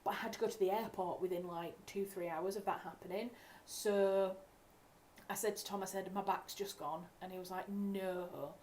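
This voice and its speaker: A woman's voice: medium pitch, fairly even intonation, normal speed, a little mellow. A young woman from England chats casually to her livestream viewers from home. She rambles and corrects herself mid-sentence, speaking into a desk mic over faint background hiss. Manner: chatty, rambling, self-correcting. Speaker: writer hosting a livestream. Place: home room.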